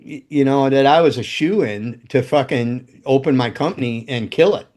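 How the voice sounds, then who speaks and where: A man's voice: mid-range voice, normal speed, darkish tone. A man telling rambling, profane stories in casual chat as a podcast guest. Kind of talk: casual storytelling.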